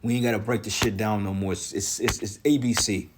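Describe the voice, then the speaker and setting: A man's voice: fairly low pitch, fairly even intonation, brisk, noisy background. A man preaching an angry, profane rant against a rival religious group, scolding and ending lines with "man". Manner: profane, scolding, repeats "man" at line ends. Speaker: street preacher.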